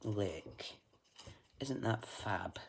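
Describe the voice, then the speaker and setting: A woman's voice: extremely low pitch, lively intonation, drawn-out words, gravelly, slight background noise. A Scottish woman chatting casually to live viewers as she demonstrates a craft project, joking at her own expense as she works. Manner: chatty, self-mocking, talks to viewers while working.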